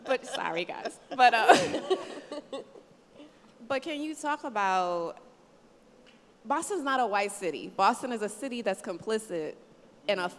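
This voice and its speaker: A woman from the American South moderating a panel discussion, animated and laughing, often acting out other people's voices. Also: on the high side, measured pace, long pauses. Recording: hall reverb, faint noise.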